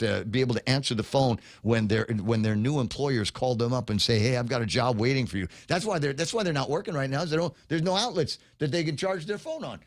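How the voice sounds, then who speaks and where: A man's voice: medium pitch, a bit bright, dry recording, clean studio sound. A man hosting a morning radio talk show, rambling casually with many restarts and reading out listener comments. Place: radio studio.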